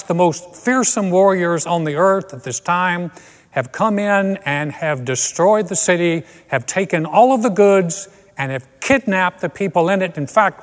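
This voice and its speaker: A man playing a male TV news reporter on the scene, with a polished, slow broadcaster cadence. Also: high voice, big-room sound.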